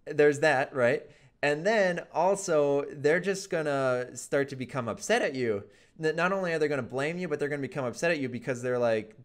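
A man's voice: fairly high pitch, normal speed. A man talking casually and earnestly about a video game, rambling with lots of fillers. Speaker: gaming YouTuber. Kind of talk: casual advice monologue.

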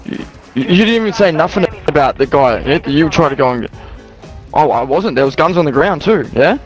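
A man's voice: fairly high pitch, expressive, a little fast, soft background music. A young Australian man in heated gaming voice chat, swearing and mocking another player. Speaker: online game player.

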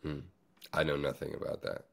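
A young man with a deep bass voice hosting a podcast, chatting in a laid-back, joking way and often trailing off mid-sentence. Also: brisk, gravelly, a bit bright, a little hiss or hum. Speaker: podcast host. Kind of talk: casual chat.

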